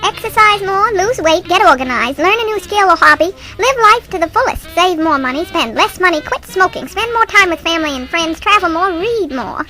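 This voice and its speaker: A woman playing a fussy, excitable elderly grandmother who gets flustered easily, on a comedy radio show. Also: extremely high pitch, brisk, few pauses, soft background music, heavily acted. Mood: reading aloud.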